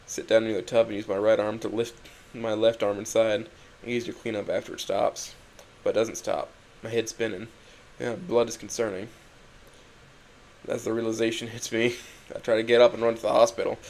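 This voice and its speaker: Low gravelly young man reading a story. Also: little pitch movement, a little fast, darkish tone, low-quality recording. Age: young adult. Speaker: narrator. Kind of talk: first-person story reading.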